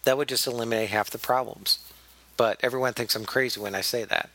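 A chatty man runs a casual comedy podcast with a voice of ordinary pitch. He reads listener letters aloud and laughs easily between stories. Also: steady tone, brisk, bright, forceful tone, slight background noise. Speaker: podcast host.

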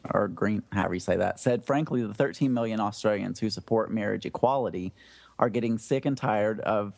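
A man's voice: lowish voice, creaky, a little mellow, no echo. A man on a podcast chatting and reading a news story aloud, with self-conscious asides. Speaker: podcast panelist.

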